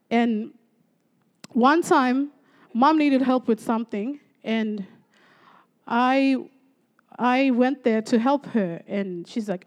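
Here a church speaker from Australia's Torres Strait shares her testimony in a high voice. Her storytelling is lively, punctuated again and again by exclamations of praise.

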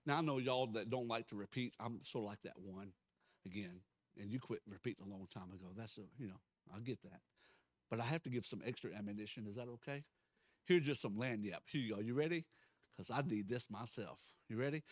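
A male pastor preaching a sermon, emphatic and out of breath, moving between loud declarations and soft asides. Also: on the low side, fairly quick, no echo, studio quality.

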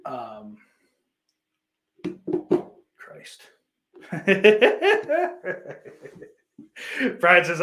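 Guy ranting at his chat, swears a lot, kinda high voice, echoey room. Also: expressive, unhurried, long pauses. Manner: sarcastic, profane, bursts into mocking yells. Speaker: streamer reading chat comments. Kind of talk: casual crude rant.

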